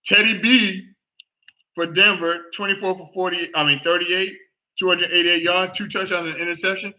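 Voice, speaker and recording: Guy hosting a football chat, groaning and exclaiming at plays, bright edgy tone, muffled lo-fi mic. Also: high-pitched, steady tone, moderate pace. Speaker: sports podcast host. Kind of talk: casual sports talk while watching a game.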